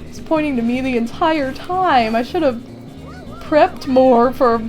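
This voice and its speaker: A young woman hosting a gaming video, telling a funny story in a casual, animated way with many fillers and frequent laughter. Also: sits high, unhurried, soft background music. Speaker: gaming channel host. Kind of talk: casual storytelling over gameplay.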